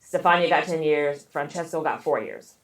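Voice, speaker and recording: Low-voiced woman casually telling a story. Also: normal speed, roomy sound. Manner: casual, profane storytelling with many fillers. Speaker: podcast co-host. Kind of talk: casual chat.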